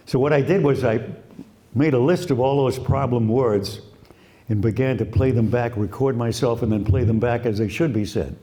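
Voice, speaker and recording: An older man with a Boston accent tells anecdotes from his broadcasting career in an easygoing, unhurried way, slipping into quick voices for the people in his stories. His tone is mellow and warm rather than bright. He is recorded in a roomy space in front of a live audience, and the room echoes around him. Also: medium pitch, a little hiss or hum. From Quincy, Massachusetts. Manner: relaxed anecdotal storytelling, imitates voices. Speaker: retired radio broadcaster, guest. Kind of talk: storytelling at a live talk.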